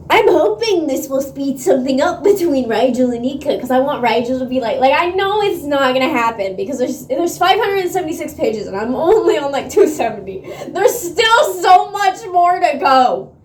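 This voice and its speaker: Excitable high-voiced woman book vlogger. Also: slight background noise. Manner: excitable, slangy, swears freely, laughs often. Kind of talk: casual reading vlog chat. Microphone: phone. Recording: echoey room on a phone mic.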